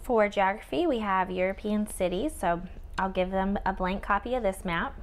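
A woman's voice: medium pitch, moderate pace, faint music behind. A young woman, a homeschool tutor, walking through her lesson plan and acting out the prompts she gives children in a sing-song teacher voice.

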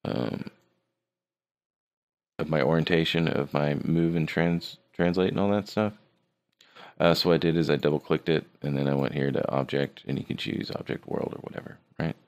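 A man's voice: rumbling low, steady tone, moderate pace. A man teaching a 3D rendering class in a casual screen-recorded tutorial, joking and teasing his students as he works. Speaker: 3D art teacher.

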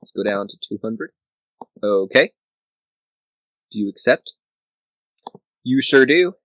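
This gamer's voice sits on the low side, a bit bright and animated, and he takes it slowly while playing a board game video game. Talking to himself, he counts squares aloud and grumbles at his opponent with mock anger; the low-quality recording has no room sound.

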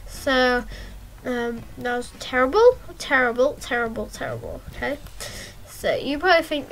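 A woman's voice: high voice, expressive, moderate pace, a little hiss or hum. A woman giving rambling, hesitant gameplay commentary with lots of ums, breaking into yelps and exclamations as the game action happens. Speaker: gameplay channel host.

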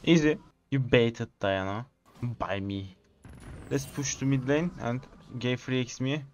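A man, excitedly commenting on his own gameplay, repeating short exclamations in English. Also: mid-range voice, slow pace. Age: 20s. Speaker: gamer streamer.

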